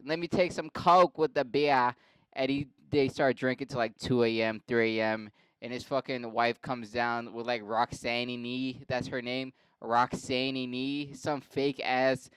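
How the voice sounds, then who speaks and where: Profane rambling man with a smooth voice. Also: medium pitch, dry recording. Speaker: podcast host. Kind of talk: crude comedic rant.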